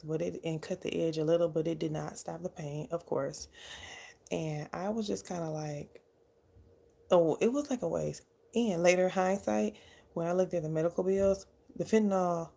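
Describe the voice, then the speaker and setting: A young woman with a dark, gravelly voice talks casually to her viewers. She tells her own story candidly, in a chatty and unguarded way. Her pitch sits a little low. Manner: candid, chatty, laughs often. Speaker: vlogger.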